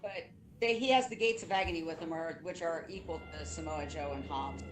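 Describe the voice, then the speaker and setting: A woman's voice: sits low, brisk, faint music behind. A middle-aged woman co-hosting a game stream, chatting casually and explaining things at length. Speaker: co-host, streamer's mother. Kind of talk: casual gaming stream chat.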